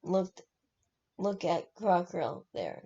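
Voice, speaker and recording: A woman reading aloud as a menacing male henchman whose voice rasps like a cat's tongue, on a dull lo-fi recording. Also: lowish voice, lively intonation, extremely slow, dark tone, exaggerated voice. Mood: mocking. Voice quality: rasping.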